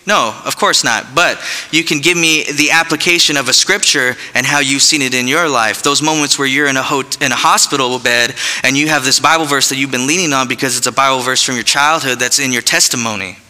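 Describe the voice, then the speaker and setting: A man's voice: medium pitch, fairly quick, hardly any pauses, bright, forceful tone. A man preaching a sermon to his church, conversational and folksy with casual asides. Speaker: pastor. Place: church sanctuary. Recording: long hall reverb.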